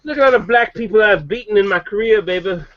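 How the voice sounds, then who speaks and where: A man's voice: sits high, quick pace, crowd noise, close to an everyday voice. A man putting on the voice of a boastful, bigoted old male pro wrestler, ending his lines with "baby", over muffled video call audio. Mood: blustering. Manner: loud catchphrase bluster ending lines with "baby".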